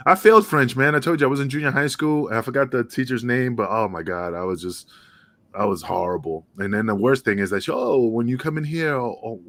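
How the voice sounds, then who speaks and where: A man's voice: mid-range voice, fairly quick, a bit bright. A man from the United States co-hosting a wrestling podcast, rambling and swearing casually in easygoing chat.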